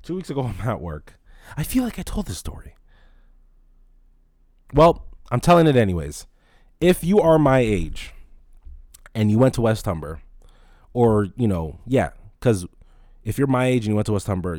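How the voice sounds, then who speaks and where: A man's voice: mid-range voice, sing-song, normal speed, long pauses, a little mellow, no echo, studio quality. A man in his late twenties, a podcast host, telling a rambling, profane story in casual talk.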